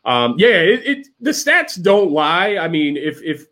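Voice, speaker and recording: A man co-hosting a casual sports podcast, relaxed, with lots of fillers and restarts. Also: a little high, unhurried. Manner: relaxed, many fillers and restarts, laughs often. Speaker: podcast co-host.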